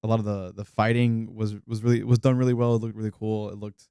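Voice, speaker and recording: Gravelly, halting young man. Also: lowish voice, little pitch movement, dark tone, no echo, studio quality. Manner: halting, full of fillers and restarts. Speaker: podcast co-host. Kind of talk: casual movie chat.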